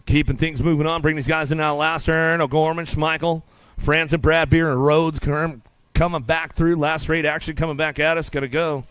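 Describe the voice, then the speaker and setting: A man calling live BMX races in rapid, rhythmic announcer patter at an outdoor track. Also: fairly high pitch, little pitch movement, fairly bright tone, smooth, dry recording. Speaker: race announcer. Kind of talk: live BMX race commentary.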